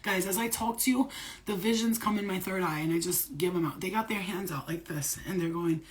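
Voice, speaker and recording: A woman's voice: on the low side, brisk. A woman psychic medium talking casually to her viewers, blunt and emphatic, swearing freely, using street slang and repeating phrases for stress. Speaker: psychic medium giving spirit readings. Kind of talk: casual unscripted channeling talk to viewers.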